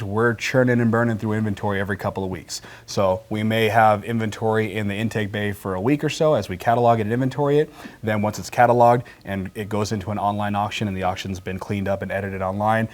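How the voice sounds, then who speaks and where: A man with a somewhat low voice leads a walking tour through a warehouse. He explains his auction business in a steady, upbeat, salesy way. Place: warehouse facility.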